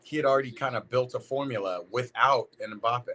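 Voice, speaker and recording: A man hosting a football watch-party stream, chatting casually and reacting out loud with quick exclamations while he talks to his viewers. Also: medium pitch, poor audio. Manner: talks to his chat by name. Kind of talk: casual live reaction commentary.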